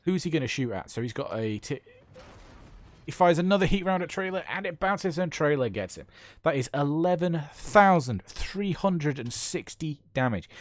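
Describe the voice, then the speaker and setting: A British man with a mid-range voice talks through a game replay in a chatty, excitable way. The sound is dry and close, with no room around him. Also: mid-range voice, no room sound. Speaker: gaming YouTuber. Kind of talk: casual gameplay commentary.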